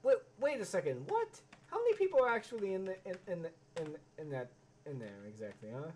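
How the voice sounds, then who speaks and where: A man's voice: high-pitched, sing-song, a little fast, a little mellow. A man giving live reaction commentary, ranting and swearing with many stammering restarts. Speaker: reaction streamer.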